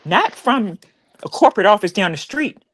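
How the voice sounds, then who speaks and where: A woman's voice: medium pitch, sing-song, moderate pace, breathy edge. A woman in casual live-stream chat, talking in an emotional, emphatic way.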